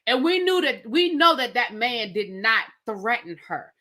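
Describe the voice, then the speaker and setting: A woman's voice: fairly high pitch, measured pace. A woman reviewing a reality show in a casual, slangy recap, acting out what the cast said. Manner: animated storyteller acting out quotes, slangy asides.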